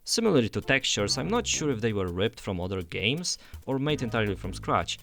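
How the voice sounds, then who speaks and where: A man's voice: on the low side, sing-song, fairly quick, creaky, a bit bright, soft background music. A young man narrating a scripted game review voice-over in an enthusiastic, conversational way.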